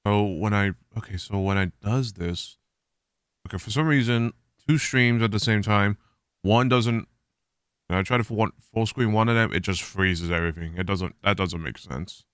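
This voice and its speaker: Man streaming, crisp smooth voice, rambling restarts, dry sound. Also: on the low side, moderate pace, fairly bright tone, no echo. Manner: rambling, restarting sentences, exasperated about tech issues. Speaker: streamer hosting a watch party. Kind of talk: casual live-stream chat.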